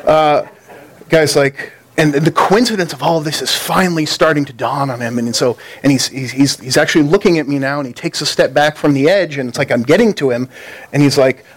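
A man's voice: mid-range voice, brisk. Man preaching with storytelling ease. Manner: conversational storytelling, dry delivery. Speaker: pastor. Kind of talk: sermon with a told joke.

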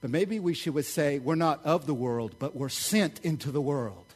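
A man delivers a lively sermon as pastor, his voice sitting high for a man. He preaches with fired-up energy, keeping it conversational and checking in with the congregation as he goes. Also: moderate pace, husky.

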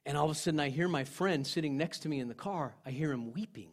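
Earnest preaching man, slightly high voice. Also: fast, husky. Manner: earnest storytelling, swinging from loud to hushed. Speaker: pastor. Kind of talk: sermon.

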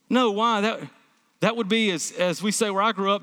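A man preaches a sermon with emphatic force, pressing his listeners with questions and answering them himself. His voice sits high for a man. The sound carries the long reverb of a church hall. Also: fairly even intonation, moderate pace, a bit bright. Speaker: pastor.

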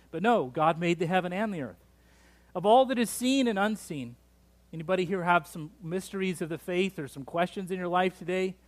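A pastor preaching a sermon in a church, joking and drawing the congregation in. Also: male voice, high-pitched. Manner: lively, joking, engages the congregation.

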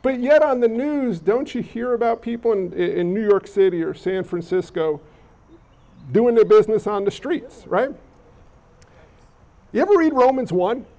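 A man's voice: high voice, normal speed, warm tone, muffled recording. A man preaching a sermon with allergy congestion, talking conversationally and asking the congregation questions. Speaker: pastor.

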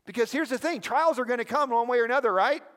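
A man preaching a sermon as pastor, lively and conversational, often prompting the listeners with questions. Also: very high voice, fast talker. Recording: long hall reverb.

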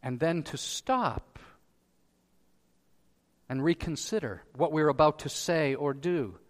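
A man preaching a sermon as pastor, asking rhetorical questions and rising to loud emphasis. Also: fairly high pitch, slow, long reverb tail. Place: church sanctuary.

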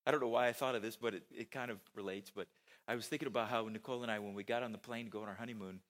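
A pastor giving a conversational sermon at a church, with self-deprecating asides and rhetorical questions to the congregation. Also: male voice, fairly low pitch, fairly even intonation, rapid-fire, a bit bright.

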